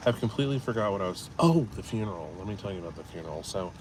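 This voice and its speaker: A man's voice: low-pitched, lively intonation, racing. A man rambling casually as he walks city streets and alleys, telling stories and reading chat, with faint traffic behind him. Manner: rambling, storytelling, swears casually. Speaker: vlogger. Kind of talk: casual walking vlog with live chat.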